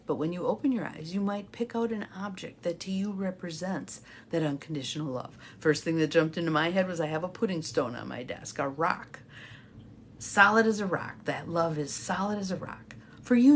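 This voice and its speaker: A middle-aged woman coach leading a guided imagery meditation in a soft, half-whispered, breathy voice. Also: on the low side, a little hiss or hum. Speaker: intuitive guidance coach.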